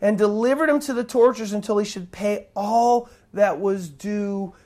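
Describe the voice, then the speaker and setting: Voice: mid-range voice, moderate pace, a little mellow. A preacher giving a sermon, reading verses aloud and explaining them with emphatic stress. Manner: emphatic, reads verses then explains, stresses key words.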